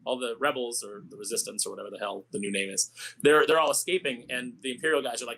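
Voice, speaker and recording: A man's voice: medium pitch, quick pace, creaky, rough recording. Ranting male podcast co-host. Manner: ranting, animated storytelling. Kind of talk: casual chat.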